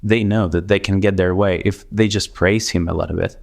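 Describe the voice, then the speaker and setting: Low-voiced man with a Russian accent. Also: steady tone, fairly quick, gravelly. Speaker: commentary video host. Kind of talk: scripted commentary narration.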